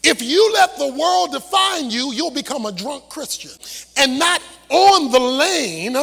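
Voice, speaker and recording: A middle-aged male pastor preaching a sermon with an impassioned, shouting, half-sung cadence. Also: extremely high pitch, sing-song, unhurried, creaky. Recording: long hall reverb, faint music.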